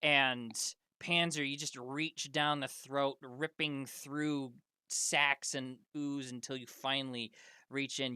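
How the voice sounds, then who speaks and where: A man serving as game master, narrating a tabletop role-playing game in slow, drawn-out descriptive narration. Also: medium pitch, sharp tone, clean tone, dry recording, clean studio sound.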